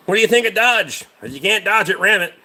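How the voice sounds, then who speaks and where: A man's voice: high voice, animated, fast talker, bright, forceful tone, slight background noise. A man hosting a casual livestream, a mechanic rambling about truck parts and swearing freely while answering chat.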